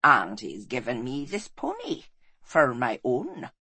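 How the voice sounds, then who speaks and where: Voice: medium pitch, wildly swooping pitch, takes it slowly, sharp tone, slightly rough, dry recording, voice pushed down, exaggerated voice. Narrator doing a nervous little dwarf. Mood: bold. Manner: bold but nervous. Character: timid male dwarf cook.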